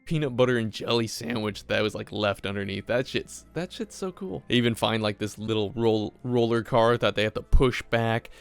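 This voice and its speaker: A man's voice: lowish voice, flat delivery, normal speed, creaky, few pauses, smooth, soft background music. A man casually recapping a movie with profane, rambling enthusiasm.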